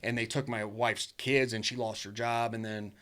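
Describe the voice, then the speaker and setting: A man's voice: on the low side, flat delivery, moderate pace, pushed and bright. A man telling his life story as a podcast guest, blunt and profane, rambling with restarts and lots of "dude" and "like". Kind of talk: casual storytelling.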